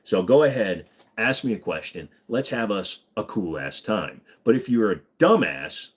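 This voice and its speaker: A man's voice: fairly low pitch, very animated, a little slow. A man hosting a casual live stream, rambling through crude, jokey banter with his chat.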